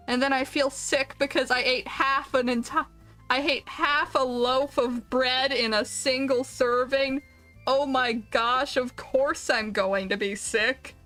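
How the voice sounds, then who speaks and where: Rambling bright-voiced woman streamer. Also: high voice. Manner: rambling, self-deprecating, jokey. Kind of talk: casual chat while gaming.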